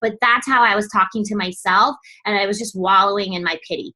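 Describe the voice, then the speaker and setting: Speaking in a mid-range voice, a young female coach fires up her team with a frank, energetic talk. It's peppered with curses and quick impressions of others.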